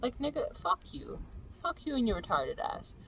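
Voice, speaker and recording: A woman's voice: high voice, very animated, moderate pace, creaky, a bit bright, slight background noise, poor audio. A young woman vlogger ranting angrily and profanely about someone, in a heated, personal way. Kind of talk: angry personal vlog rant.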